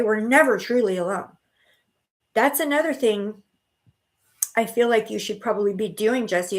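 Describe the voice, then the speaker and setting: A middle-aged woman hosting a live stream of spiritual readings, chatting casually and reassuring viewers with pet names like honey and sweetheart. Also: mid-range voice. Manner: chatty with frequent restarts and fillers.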